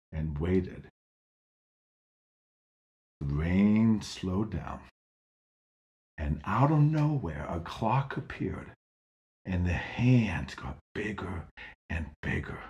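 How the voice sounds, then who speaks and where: A man's voice: deep voice, expressive, extremely slow, pauses often, a little mellow, muffled recording. A man narrating a children's Bible story expressively, with dramatic swings in delivery.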